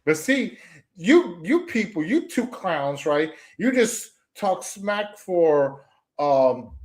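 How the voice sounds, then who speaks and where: A young man on a commentary stream, his voice sitting high and swooping all over as he rants. He trash-talks in mocking jabs, trips over his own restarts and keeps circling back to the same phrases. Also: very animated, slow pace. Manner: trash-talking, repetitive, stumbling restarts, mocking "moo" noises. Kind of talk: ranting call-out commentary.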